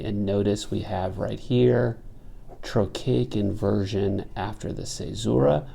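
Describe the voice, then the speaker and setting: A man lectures on poetry in a low, gravelly, mellow voice. He talks slowly and deliberately, pausing to scan each line of verse aloud. A faint hiss sits under the recording. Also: fairly even intonation. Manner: explanatory, reads verse aloud slowly and scans its meter. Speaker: literature lecturer.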